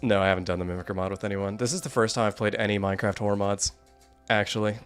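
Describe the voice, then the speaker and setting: A man's voice: lowish voice, fairly even intonation, racing, clean tone, soft background music. A man giving casual, wry gameplay commentary, rambling and often laughing. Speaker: gaming YouTuber.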